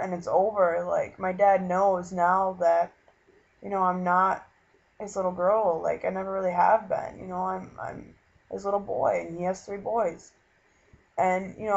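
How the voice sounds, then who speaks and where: A young man from Minnesota talking earnestly in a casual vlog, halting and full of fillers as he retells a conversation. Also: high voice, creaky, a little mellow. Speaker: vlogger. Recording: dull lo-fi webcam recording.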